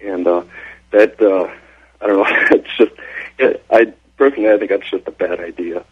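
Nervous male caller, husky, low, over a tinny phone line. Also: steady tone, normal speed. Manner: hesitant, full of fillers. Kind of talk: phoning in to a radio show.

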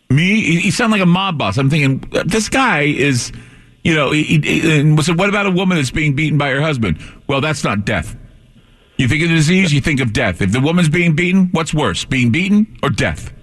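A man hosts a call-in radio show with a slightly raised pitch and a sardonic edge. He mocks public figures as he talks. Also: expressive, normal speed, a bit bright. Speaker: radio talk host. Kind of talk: talk radio monologue and call-in.

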